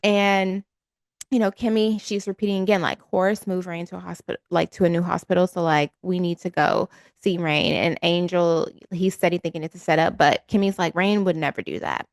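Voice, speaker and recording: A woman's voice: lowish voice, flat delivery, brisk, no echo, clean studio sound. A woman co-hosting a podcast, casually recapping a TV episode and quoting the characters. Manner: storytelling with quoted dialogue. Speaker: podcast co-host.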